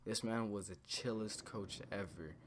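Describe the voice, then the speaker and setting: A man's voice: fairly low pitch, a little slow, a little hiss or hum. Rambling, foul-mouthed young man telling a story. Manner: rambling, profane, filler-heavy. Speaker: storytime vlogger. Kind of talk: casual storytelling.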